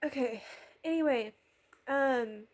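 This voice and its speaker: A woman's voice: high voice, slow pace. A woman giving a casual, rambling recap, chatty and sarcastic, with lots of fillers, quoting characters in her own voice. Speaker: vlogger recapping a miniseries.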